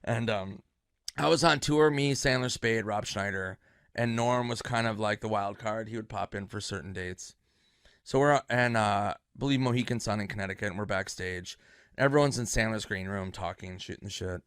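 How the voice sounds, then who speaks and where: Bright, dry-sounding man telling a story. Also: on the low side, moderate pace, smooth, no room sound. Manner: lively anecdotal delivery with frequent fillers. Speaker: comedian. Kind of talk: casual storytelling.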